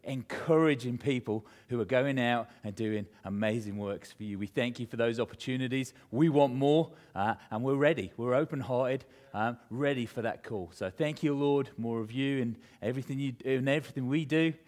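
A man preaching a sermon, reading scripture and telling a self-mocking story with animated humor. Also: medium pitch, normal speed, few pauses. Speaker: pastor.

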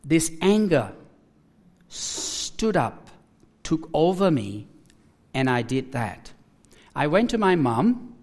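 A man preaching a personal testimony, emotional and halting, repeating his phrases and restarting as he speaks. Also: on the high side, sing-song, darkish tone.

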